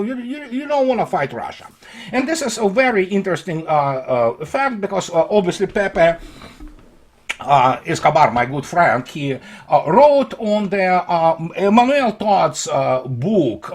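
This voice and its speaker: A man giving an unscripted political commentary monologue, sarcastic and mocking, halting often on fillers. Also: high voice, a little mellow, slightly rough.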